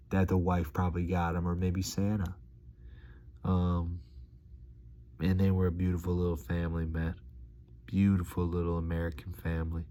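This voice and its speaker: A young vlogger with a low, dark voice rambles casually to his viewers. He's laid-back and slangy, meandering along with lots of fillers.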